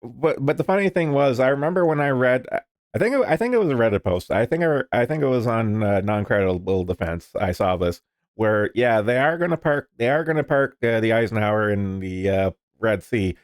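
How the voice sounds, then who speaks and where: A man's voice: medium pitch, lively intonation, brisk, no echo, clean studio sound. A man casually commenting on the news, rambling and swearing, with lots of fillers. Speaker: streamer reading the news.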